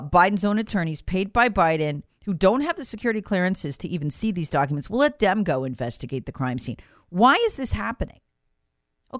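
A woman delivers an emphatic political commentary monologue as a talk show host. Her voice sits low and swings widely in pitch as she piles on sarcasm and repeats words for emphasis. The sound is dry and close. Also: no room sound.

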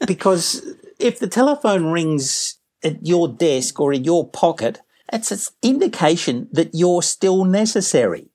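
A man's voice: on the high side, big pitch swings, unhurried, a little mellow. An enthusiastic man, a business trainer telling jokey stories as an interview guest. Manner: enthusiastic, jokey, puts on voices.

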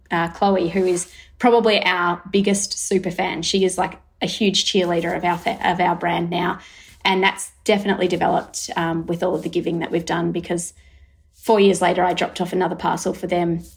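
An Australian woman, a brand founder, telling a long story in an interview, acting out her thoughts with lively quoted asides. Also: on the low side, gravelly. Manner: lively, acts out her own thoughts in quotes, many fillers. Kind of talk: animated storytelling in conversation.

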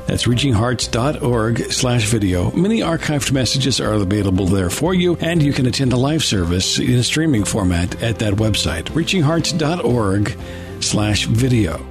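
A man giving a smooth, scripted broadcast announcement with show details. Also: mid-range voice, sing-song, normal speed. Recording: music bed behind the voice.

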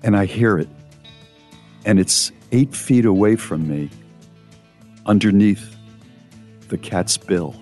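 A man hosting a talk show, casually telling a long, animated personal story and rising in pitch as he relives the frantic parts. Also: takes it slowly, pauses often, soft background music. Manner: animated storyteller, voice climbs high when retelling frantic moments.

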